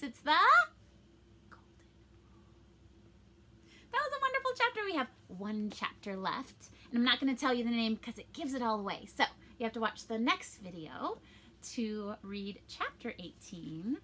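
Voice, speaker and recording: A woman's voice: a little high, big pitch swings, moderate pace, a bit bright, slight background noise. A young woman reading a storybook aloud to children, adding chatty explanations for young listeners.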